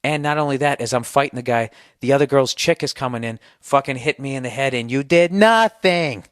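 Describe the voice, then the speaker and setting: A man's voice: mid-range voice, brisk, no room sound, studio quality. Ranting man with a sore throat. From United States. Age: 40s. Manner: profane, ranting, sarcastic storytelling. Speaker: podcast host. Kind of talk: casual comedic monologue.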